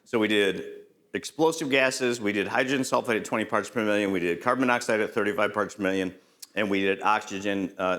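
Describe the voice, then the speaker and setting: A middle-aged man giving a conversational safety lecture, quizzing the audience and tossing in "right?" as he tells stories from the job. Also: on the low side. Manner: storytelling with lively anecdotes. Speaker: safety trainer.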